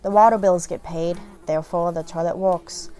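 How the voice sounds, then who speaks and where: A woman's voice: lowish voice, fairly even intonation, normal speed, warm tone, pitched below the performer's own voice, lightly acted. A woman voicing a cold, haughty homeowner. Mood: disdainful. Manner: curt, cold and condescending. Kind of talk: reading visual novel dialogue aloud.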